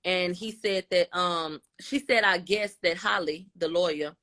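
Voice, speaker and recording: A woman's voice: lowish voice, a little slow. Woman casually recapping courtroom events. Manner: conversational, retelling quotes with shifts in tone and loudness. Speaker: commentator.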